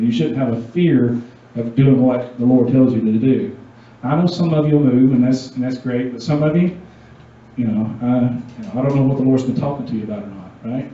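In a church meeting room, a male youth pastor with a mellow, mid-range voice reads from scripture and asks his audience casual questions during a youth sermon. The sound is distant, dull and echoey.

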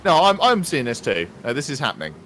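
A man's voice: mid-range voice, wildly swooping pitch, fast talker. A man playing along in comedic gameplay chat, joking in mock-posh banter. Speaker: co-player. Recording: game noise behind.

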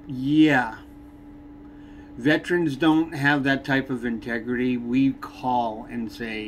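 Irritated man unboxing with slow pauses. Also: medium pitch, slight background noise. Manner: irritated, complaining, many "um" pauses. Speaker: fishing channel host. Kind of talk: unboxing review vlog.

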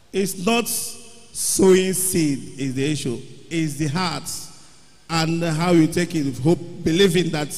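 Excited man giving church testimony. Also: fairly high pitch. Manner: excited storytelling, rising to loud exclamations. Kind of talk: testimony at a worship service. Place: large church hall. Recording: long hall reverb.

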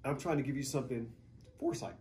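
Animated man telling stories in interview. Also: fairly high pitch, fairly quick, a little hiss or hum. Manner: animated, laughing storyteller, street slang. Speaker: guest choreographer. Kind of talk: casual radio interview storytelling.

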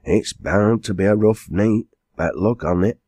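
A sturdy, hurried quarryman played by a man with a broad Lancashire dialect. He talks bluntly in a low voice. The sound is dry and close. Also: dark tone, breathy edge, dry recording.

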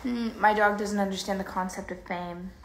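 This woman speaks at normal speed with a medium pitch and steady tone, chatting casually on a phone livestream. Playful and rambling, she slips into baby talk for her dog, and faint noise hangs in the echoey room.

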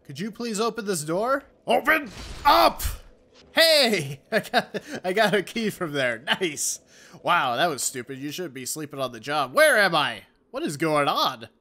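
High, lively swearing gamer guy. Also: unhurried. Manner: profane, jokey, loud reactive outbursts. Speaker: let's play gamer. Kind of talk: gameplay commentary.

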